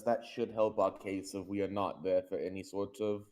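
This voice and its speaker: A man's voice: fairly low pitch, fairly even intonation, normal speed, a little mellow. A man playing a tabletop game, speaking in character in a polite, formal way. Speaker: player. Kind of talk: in-character tabletop role-play.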